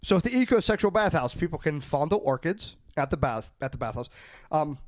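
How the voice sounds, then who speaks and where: A man's voice: fairly high pitch, animated, a little fast, dry recording, soft background music. A man hosting a comedy podcast, joking and stumbling as he reads facts to his co-hosts. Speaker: podcast host.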